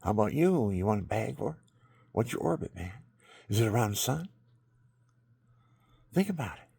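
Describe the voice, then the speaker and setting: Man, low gravelly voice, dry close sound, rambling talker who gets preachy. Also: moderate pace, no room sound. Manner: rambling, swings into excited preaching. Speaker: video maker. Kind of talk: rambling monologue.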